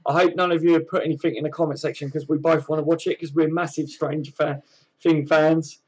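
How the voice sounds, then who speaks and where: Brief: southern English male host, slightly higher pitch, easygoing matey banter on a live stream. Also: little pitch movement, fast talker, darkish tone, husky. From southern England. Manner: chatty, matey banter with frequent fillers. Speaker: channel host reading live chat. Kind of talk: casual live-stream chat.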